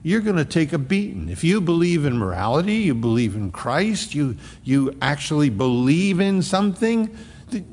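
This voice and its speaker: A male pastor preaching a sermon. He swings between emphatic, rising outbursts and hushed, low asides. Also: sing-song, moderate pace. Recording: long reverb of a large hall.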